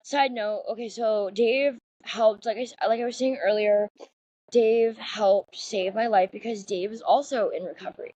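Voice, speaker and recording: A woman's voice: a little high, fairly even intonation, moderate pace, mellow, no echo, muffled recording. A woman co-hosting a podcast, chatting casually and rambling, with lots of fillers. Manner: rambling, chatty, full of fillers and acted quotes. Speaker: podcast co-host. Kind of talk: casual chat.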